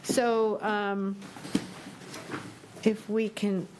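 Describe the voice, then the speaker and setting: A woman from a land trust presenting a project at a public committee meeting, measured, with some fillers. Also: medium pitch, flat delivery. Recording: noisy room audio.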